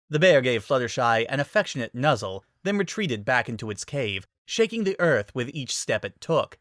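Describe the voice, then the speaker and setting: A narrator giving a dramatic reading of a fantasy fan story, with expressive storytelling. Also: mid-range voice, normal speed, hardly any pauses, dry recording, clean studio sound.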